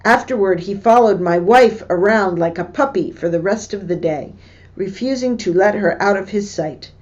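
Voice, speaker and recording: A woman teacher reading a book passage aloud and stopping to explain what words mean, in a slow, deliberate way. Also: medium pitch, darkish tone, muffled recording. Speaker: English teacher.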